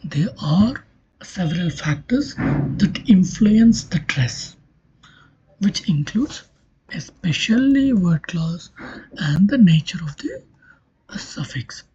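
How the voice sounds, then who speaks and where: A woman giving a recorded linguistics lecture, explaining slowly, her voice often dropping to a near-whisper. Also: lowish voice, expressive, warm tone, breathy edge. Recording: dull lo-fi recording.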